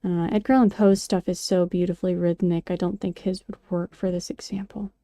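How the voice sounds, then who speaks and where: Mellow-voiced woman chatting casually. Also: fairly low pitch, little pitch movement, fast talker, dry recording. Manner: chatty, rambling, many fillers and restarts. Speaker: craft and poetry vlogger. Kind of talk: casual chat while sculpting.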